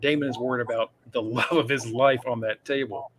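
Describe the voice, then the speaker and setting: A man's voice: medium pitch, steady tone, brisk, fairly bright tone, slight background noise. A man co-hosting a podcast, chatting casually and rambling through episode details with fillers. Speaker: podcast co-host. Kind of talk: casual chat recapping a TV episode.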